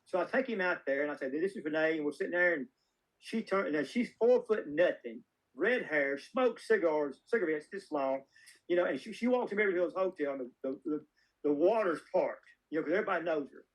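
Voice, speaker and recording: A man's voice: on the high side, animated, a little fast, low-quality recording. A filmmaker guest in a casual interview, a man telling folksy, rambling anecdotes with plenty of restarts.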